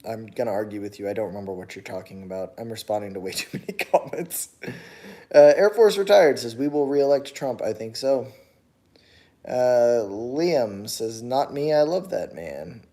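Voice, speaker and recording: A man reads viewer comments aloud on a casual livestream and answers each one in an offhand way, often with a chuckle. His voice has a mellow, darker tone and sits at an ordinary pitch for a man. When a comment challenges him, he turns animated and argumentative. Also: normal speed. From United States. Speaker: livestream host reading chat comments.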